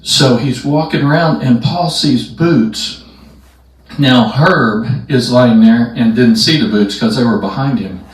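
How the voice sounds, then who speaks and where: A man doing stand-up, telling a story and acting out the characters' shouts. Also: medium pitch, measured pace, very echoey, distant mic, poor audio. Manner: animated, acts out characters' shouts. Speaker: stand-up comedian. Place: live comedy venue.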